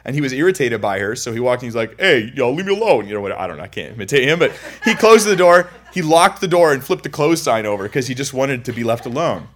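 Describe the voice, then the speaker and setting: A man's voice: mid-range voice, animated, fast, hardly any pauses. A young man giving a casual, chatty Bible teaching, full of anecdotes and self-interruptions. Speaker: preacher.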